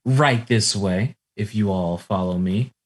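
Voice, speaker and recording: A man's voice: lowish voice, a little slow. Man doing a sly, slick tour guide hustler. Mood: smooth-talking. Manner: smooth-talking, showy.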